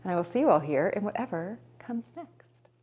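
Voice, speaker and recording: Woman, 30s, casual vlogger, low-ish voice, rambling and upbeat. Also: big pitch swings, fairly quick, darkish tone, breathy edge. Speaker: fitness vlogger. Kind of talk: casual vlog chat.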